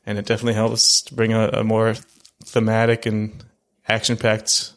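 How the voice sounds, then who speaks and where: Flat-voiced young man reviewing a film. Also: lowish voice, moderate pace. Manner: rambling, many fillers and restarts. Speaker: film podcast co-host. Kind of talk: casual film review chat.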